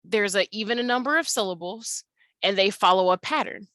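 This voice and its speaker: A woman's voice: medium pitch, fairly quick, sharp tone, dry recording. A young woman teaching an English lesson over slides, explaining casually and saying words aloud to show their rhythm. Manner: conversational, with fillers.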